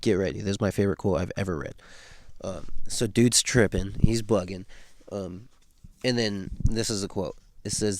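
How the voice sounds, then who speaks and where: A man's voice: on the low side, moderate pace, dry recording. A man casually recapping a novel in slangy, laid-back talk, with plenty of fillers. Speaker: book read-through host.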